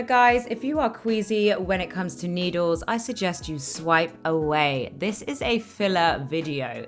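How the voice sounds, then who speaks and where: A young woman chatting casually to camera as a beauty vlogger, upbeat and confiding with her viewers. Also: lowish voice. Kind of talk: casual vlog talk to camera. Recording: faint background music.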